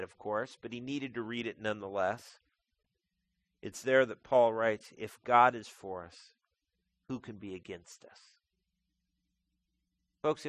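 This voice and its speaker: A man's voice: fairly low pitch, fairly bright tone, no echo. A man preaching a sermon as pastor, talking conversationally and calling his listeners folks.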